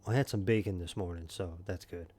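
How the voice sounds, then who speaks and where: A man's voice: low voice, brisk, darkish tone. A man streaming a video game from home, joking and rambling as he chats with his viewers by name. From New York. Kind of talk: casual gaming stream chat.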